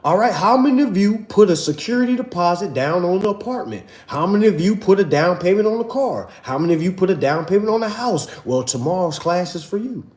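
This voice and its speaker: Animated man lecturing on a livestream. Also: high-pitched, fairly quick, few pauses, reverberant. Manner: preachy, repetitive, calls viewers "family" and "y'all". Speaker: livestream host teaching a finance class.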